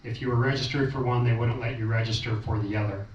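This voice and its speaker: A man's voice: medium pitch, steady tone, quick pace. A man, a fellow volunteer, explaining details to a meeting audience in a matter-of-fact way. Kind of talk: informal talk to a meeting audience. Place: meeting room. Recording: roomy, distant, dull sound with faint noise.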